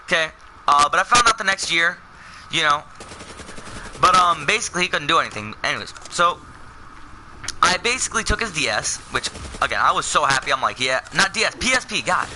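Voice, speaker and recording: A man's voice: a little high, sing-song, brisk, bright, forceful tone, a little hiss or hum, rough recording. A young man telling a personal story in a casual, rambling way, full of fillers and self-corrections. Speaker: vlogger.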